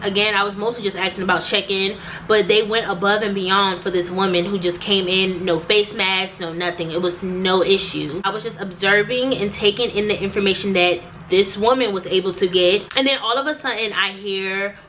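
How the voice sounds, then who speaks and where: A woman's voice: medium pitch, fairly even intonation, moderate pace, fairly bright tone, slight background noise, rough recording. A young woman vlogger recounting a personal story to the camera, emphatic and repetitive, talking straight to her viewers.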